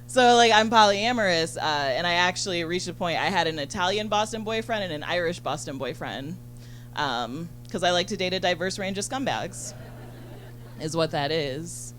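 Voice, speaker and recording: A woman's voice: on the low side, animated, a bit bright, a little hiss or hum. Bubbly chatty woman doing stand-up. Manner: chatty, bubbly, lots of fillers and quick asides. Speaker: stand-up comedian. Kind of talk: stand-up set. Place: comedy club stage in front of an audience.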